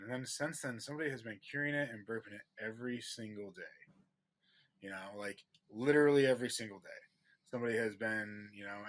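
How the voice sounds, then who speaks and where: A man's voice: mid-range voice, a bit bright. A man co-hosting a casual podcast, talking earnestly and rambling with lots of "like" and "you know.". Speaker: podcast co-host. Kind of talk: casual stoner chat.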